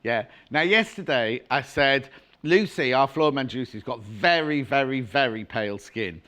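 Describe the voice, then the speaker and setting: Lively, chatty shopping-channel man. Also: mid-range voice, moderate pace. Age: middle-aged. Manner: chatty, gushing, jokey asides. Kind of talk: live home-shopping fabric chat.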